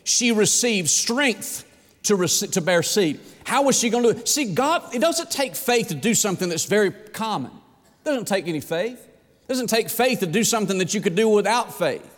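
Man, pastor's sermon, emphatic rhetorical questions, high voice, echoey church hall. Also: big pitch swings, moderate pace, a bit bright. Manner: folksy, emphatic, asks the crowd rhetorical questions.

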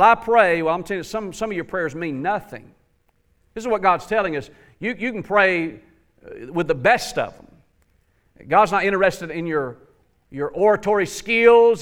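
A man's voice: high voice, fairly bright tone. A man preaching a sermon, impassioned and speaking directly to his congregation.

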